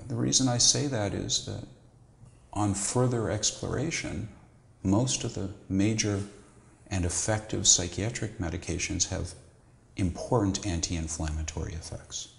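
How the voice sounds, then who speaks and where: A middle-aged man, a psychiatrist, giving measured, lecturing answers in an interview. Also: low voice, gravelly, echoey room. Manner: measured, lecturing, with occasional restarts. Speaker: psychiatrist guest.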